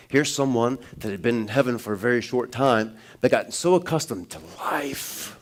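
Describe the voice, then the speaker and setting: A man preaching in a church, telling a personal story in a relaxed, conversational way with restarts, then building to loud, emphatic preaching. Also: medium pitch, normal speed, hardly any pauses. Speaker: pastor. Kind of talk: sermon.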